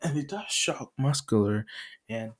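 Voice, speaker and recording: A man's voice: mid-range voice, expressive, a little slow, slightly rough. A young man casually retelling a fan story, rambling with many fillers and chuckles.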